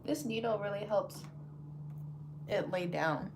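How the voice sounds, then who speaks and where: A woman's voice: medium pitch, takes it slowly, background noise. A woman vlogger talking casually through her crafting work, thinking aloud as she goes. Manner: relaxed, thinking aloud while working.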